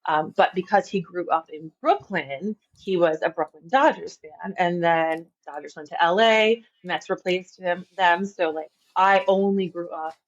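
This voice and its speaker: A woman's voice: lowish voice, a little slow, hardly any pauses, muffled recording. A woman from Long Island with a faint New York accent, chatting as a podcast guest, laughing often and saying "like" a lot. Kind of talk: casual interview chat.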